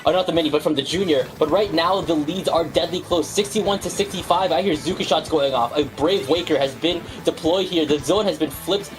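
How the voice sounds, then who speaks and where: A man casting an online video game tournament, calling the action play by play with a wry, energetic delivery. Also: on the high side, a little fast, hardly any pauses, over music, poor audio. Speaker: play-by-play caster. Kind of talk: esports commentary.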